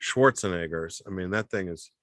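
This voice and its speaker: A man co-hosting a comedy podcast in casual chat, laughing often and breaking into quick impressions. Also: sits low, a bit bright, no room sound, clean studio sound. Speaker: podcast co-host.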